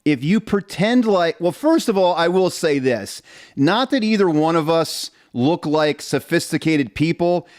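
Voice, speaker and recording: A man's voice: a little high, expressive, a little slow. A man co-hosting a casual podcast from his home basement, telling rambling, joking stories. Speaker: podcast co-host. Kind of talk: casual chat.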